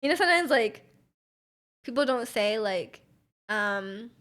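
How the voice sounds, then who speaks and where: A young woman chatting casually on a live stream, her voice sitting a little high. She rambles loosely, fills her talk with "like" and giggles between thoughts. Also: lively intonation, measured pace, a bit bright. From Vancouver, Canada. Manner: rambling, filler-heavy with frequent "like", giggly. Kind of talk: casual chat, reading out chat.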